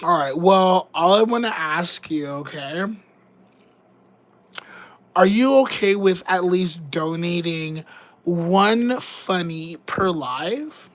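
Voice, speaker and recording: A woman's voice: lowish voice, animated, takes it slowly, rough recording. A woman, hosting a casual livestream and chatting in a giggly, rambling, joking way. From Canada. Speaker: livestream host.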